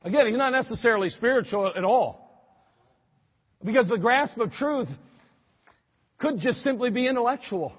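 A male preacher with a high, husky voice delivers an animated sermon, breaking into sudden exclamations as he acts out quoted reactions. His voice rings with long reverb through a church hall, and the recording sounds dull and muffled. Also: normal speed, long pauses.

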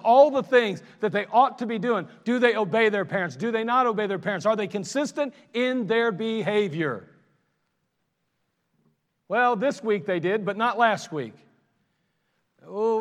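A man preaching a sermon as pastor, talking in an animated, conversational way with self-mocking asides. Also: high-pitched, normal speed. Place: church sanctuary. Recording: long reverb of a church hall.

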